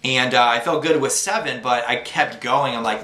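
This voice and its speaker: Young guy coaching sales reps, bright voice, kinda echoey room, lots of uh's. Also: medium pitch, moderate pace. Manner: casual, upbeat, many fillers and uh's. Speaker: sales trainer. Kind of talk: instructional talk to new reps.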